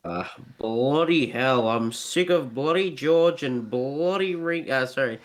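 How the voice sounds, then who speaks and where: A man's voice: mid-range voice, takes it slowly, close to an everyday voice. A man putting on a comic impression of a bitter male rock drummer who complains and swears constantly in podcast chat. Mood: grumbling. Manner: cursing, complaining, every sentence full of 'bloody'.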